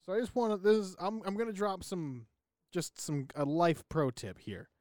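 A young man co-hosting a casual podcast, rambling with plenty of ums and restarts. His voice sits a little high and swings widely in pitch. The sound is dry and close, with no room around it. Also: expressive, moderate pace, darkish tone, no echo. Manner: rambling, jokey, many fillers and restarts. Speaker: podcast co-host. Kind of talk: casual chat.

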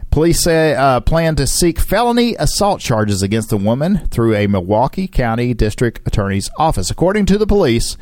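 Animated man reading news headlines. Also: mid-range voice, normal speed, hardly any pauses, no echo, clean studio sound. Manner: animated, laughs often, reads headlines with playful asides. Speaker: radio co-host reading news. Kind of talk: joking radio banter.

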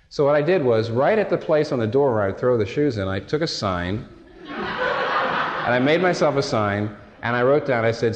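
A man's voice: medium pitch, expressive, a little fast, slight background noise. Man preaching in a reverberant hall. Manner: storytelling, self-deprecating, conversational asides. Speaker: pastor. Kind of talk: sermon.

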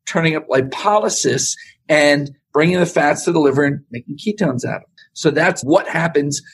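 Male guest, slightly high husky voice, animated storyteller in casual interview chat. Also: normal speed. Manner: animated storyteller, acts out quotes. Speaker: podcast guest, supplement scientist.

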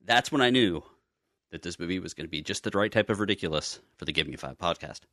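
A man's voice: low-pitched, expressive, quick pace, a bit bright, no echo, clean studio sound. A man co-hosting a podcast in casual chat, rambling with chuckling asides. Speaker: podcast co-host.

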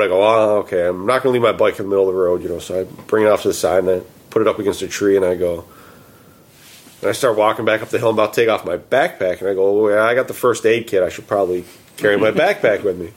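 A man casually telling a story, animated and quoting himself and his friends. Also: on the low side, very fast.

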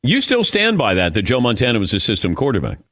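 A man's voice: mid-range voice, wildly swooping pitch, quick pace, a bit bright. A man hosting a sports talk radio show, laughing often and arguing back and forth with his co-hosts.

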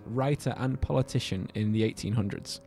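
A man's voice: mid-range voice, fairly quick, creaky, warm tone, faint music behind. A man co-hosting a casual podcast, telling a story in a jokey, rambling way. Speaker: podcast co-host.

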